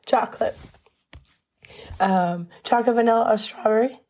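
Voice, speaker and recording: A woman with a cold, hosting a quick quiz game on a podcast in a plain, matter-of-fact way. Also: fairly high pitch, a little mellow. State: has a cold. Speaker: guest game host. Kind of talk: casual chat.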